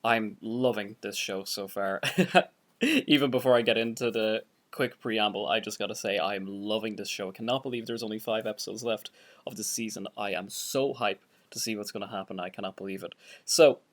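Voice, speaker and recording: A man's voice: on the low side, normal speed. A man hosting a reaction video, chatting casually and enthusiastically, laughing often. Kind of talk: casual chat reacting to a show.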